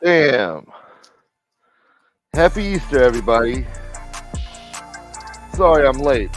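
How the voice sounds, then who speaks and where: Loud joking male livestream host. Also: mid-range voice, moderate pace, pauses often, music in the background. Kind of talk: mock-sermon casual livestream chat.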